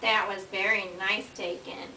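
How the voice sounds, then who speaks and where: A woman coaching a small child to say words, in a sing-song, encouraging way, slow and clear. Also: mid-range voice, little pitch movement, recorded from a distance. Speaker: speech therapist. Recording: echoey room, mic from afar, noisy home video.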